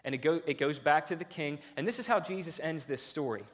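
A man preaching a sermon, retelling a parable in a lively, conversational storytelling way and often restarting his sentences. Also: on the high side, brisk.

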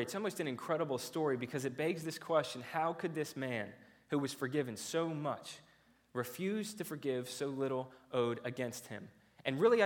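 A man preaching a sermon, retelling a parable in a lively, conversational storytelling way and often restarting his sentences. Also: on the high side.

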